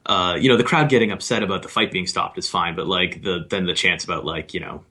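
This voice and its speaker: A man's voice: deep voice, fast talker, pushed and bright, husky. A laid-back man co-hosting a podcast, swearing casually. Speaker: podcast co-host.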